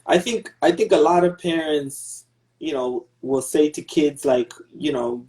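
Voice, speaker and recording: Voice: medium pitch, a little slow, darkish tone, low-quality recording. A podcast host adding a thoughtful, agreeable point in conversation. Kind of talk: conversational interview.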